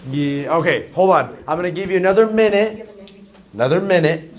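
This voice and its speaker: A man's voice: high-pitched, lively intonation, fairly quick. A man teaching a math class, chatty and self-deprecating, joking with his students. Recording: noisy classroom recording.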